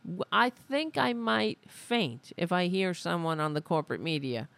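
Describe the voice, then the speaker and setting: A woman's voice: fairly low pitch, expressive, moderate pace, gravelly, a bit bright. A woman hosting a podcast, ranting sarcastically in a casual political commentary. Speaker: podcast host.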